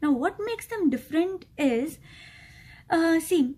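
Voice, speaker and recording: A woman's voice: very high-pitched, expressive, measured pace, darkish tone. A young woman teaching an exam-prep literature lesson, explaining step by step with many ums and uhs and checking in with "right?".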